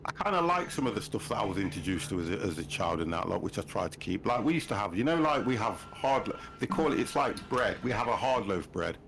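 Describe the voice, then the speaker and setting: A man's voice: on the low side, big pitch swings, fast, hardly any pauses, fairly bright tone. A man in his fifties chatting casually as host of a gaming stream, teasing and laughing often. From United Kingdom. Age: 50s. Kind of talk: casual chat while gaming. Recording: noisy game-stream audio.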